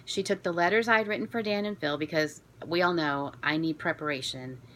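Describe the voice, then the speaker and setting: A woman from Florida telling a story to camera in a chatty, self-deprecating, excitable way. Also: low-pitched, fairly quick. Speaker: vlogger.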